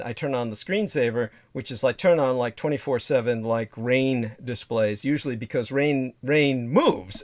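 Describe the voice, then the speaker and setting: A man's voice: mid-range voice, no room sound, studio quality. Rambling, profane male livestream host. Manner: rambling, profane, jumps between asides. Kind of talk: casual rambling chat.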